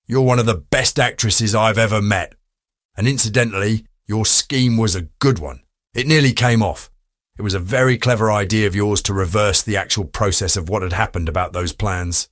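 A man's voice: lowish voice, moderate pace, fairly bright tone, no room sound, studio quality, natural voice. Audiobook detective: wry, clipped and sure of himself, a touch raised, from a male reader. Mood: confident. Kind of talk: audiobook reading.

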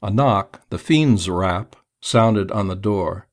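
A man narrating a crime story in a measured, steady audiobook reading. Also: fairly low pitch.

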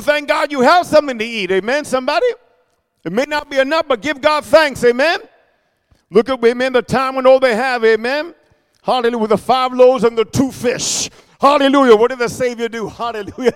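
A man preaching a sermon, animated and emphatic, calling out for responses and shouting at peaks. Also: very high-pitched. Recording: long hall reverb.

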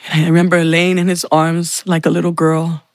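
A woman sharing a heartfelt personal faith testimony, telling her story slowly with pauses. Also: fairly low pitch, little pitch movement, dry recording.

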